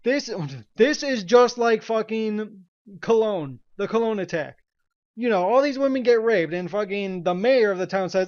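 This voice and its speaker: A high-pitched man vents in a profane rant, swearing nonstop and breaking into short laughs between his points. The recording is dull and lo-fi. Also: moderate pace, darkish tone. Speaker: political commentary vlogger.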